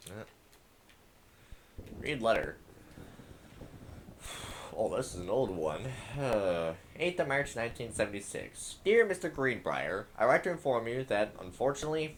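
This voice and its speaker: Playing a game at normal speed, this gamer talks casually with big swings in pitch, muttering and murmuring notes aloud as he reads them. Slight background noise is present.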